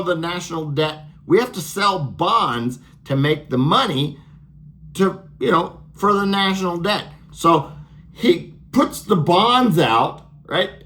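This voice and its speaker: A man's voice: fairly high pitch, pushed and bright. A man delivering a sarcastic, profane political rant, laughing at his own jokes. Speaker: political vlogger.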